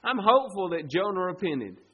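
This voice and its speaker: A man preaching a sermon, rising to loud emphasis and dropping to quiet, low asides, stretching words as he reads scripture. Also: sing-song, moderate pace, breathy edge, lo-fi sound. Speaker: pastor.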